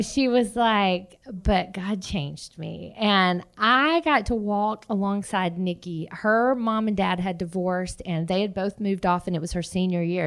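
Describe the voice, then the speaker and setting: A woman's voice: mid-range voice, clear, resonant tone. A woman ministry leader telling a personal testimony to a class, acting out quotes and laughing often. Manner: lively storyteller who acts out quotes and laughs often. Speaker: ministry leader sharing her story.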